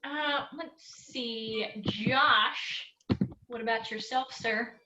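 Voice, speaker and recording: A woman with a high, bright voice keeps a group video chat moving, cheerfully calling on people one by one. Her voice rings a little in an echoey room with faint background noise. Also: drawn-out words, dull audio. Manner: encouraging, calls on participants by name. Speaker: recreation program co-host.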